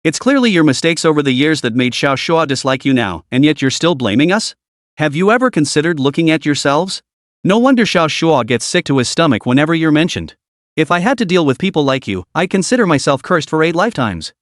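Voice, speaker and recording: An outspoken young woman, indignant and scolding, in a storybook recap, as a male narrator puts her on. The pitch rises and falls freely, a little high, in a dry close sound. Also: big pitch swings, fairly quick, no echo.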